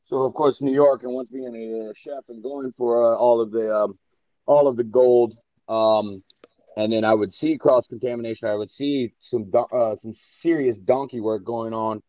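Male chef guest, halting and blunt, fillers throughout; dull, dead-dry audio. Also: medium pitch, steady tone, warm tone, dry recording. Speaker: chef and food safety trainer. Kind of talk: casual podcast chat.

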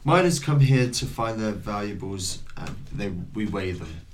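A man's voice: fairly low pitch, animated, measured pace, slight background noise. Man narrating as game master. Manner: narrates lore with laughs, plays shopkeepers.

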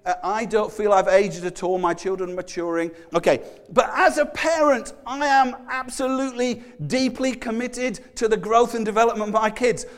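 A man's voice: sits high, moderate pace, hardly any pauses. A middle-aged man preaching a conversational sermon, chatty and self-deprecating, with frequent restarts and stammered repeats. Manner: chatty, self-deprecating, acts out everyday voices.

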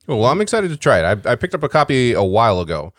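A man's voice: mid-range voice, sing-song, fast, fairly bright tone, no room sound. Chatty male podcast co-host, storyteller, laughs easily, dry sound. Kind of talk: casual chat.

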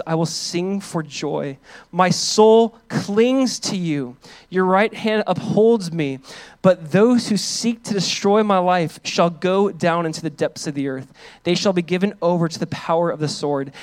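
A male pastor giving a sermon. He talks casually to the congregation and reads scripture aloud with loud, rising emphasis. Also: sits high. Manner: calls on the congregation to join in.

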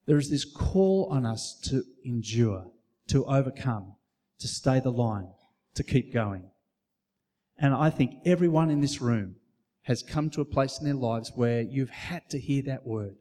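A man's voice: mid-range voice, expressive, mellow. Sex: man. Role: preacher. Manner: earnest, measured, with fillers and restarts. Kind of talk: sermon. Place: church hall.

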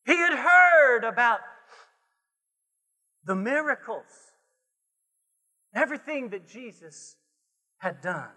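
A man preaching a sermon as pastor, swinging between hushed lines and shouted refrains. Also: high voice, expressive, unhurried, pauses often. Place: church sanctuary. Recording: long hall reverb.

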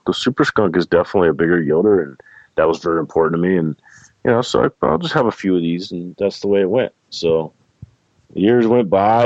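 A man's voice: low voice, darkish tone, dry recording. A middle-aged man telling a long story as an interview guest, rambling and correcting himself, with frequent laughs. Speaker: interview guest, plant breeder. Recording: dull, dry sound.

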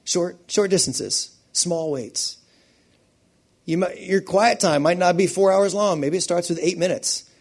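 Man, pastor, sermon, slightly high-pitched, impassioned, hushed to booming. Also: unhurried, breathy edge. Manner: impassioned, building from hushed to loud.

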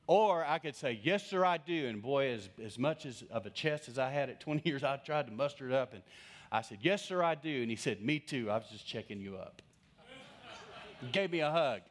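A man's voice: mid-range voice, brisk. A male pastor preaching through a humorous personal story and acting out the quoted voices of the people in it. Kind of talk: storytelling sermon.

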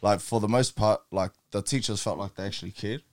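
A man's voice: lowish voice, fairly quick, no echo, studio quality. Laid-back young New man. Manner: laid-back, swears freely, laughs through stories. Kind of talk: casual chat.

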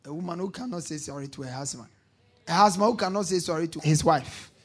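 A male pastor preaching a sermon, repeating key lines, prompting the congregation to answer and bursting into shouts on key points. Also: fairly high pitch, quick pace.

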